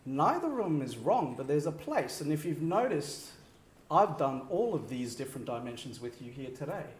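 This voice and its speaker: Male keynote speaker with a high, animated voice and a roomy hall echo, talking straight to the audience. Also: normal speed. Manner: animated, audience-directed, frequent "right?" checks. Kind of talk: energetic conference keynote. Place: large conference hall.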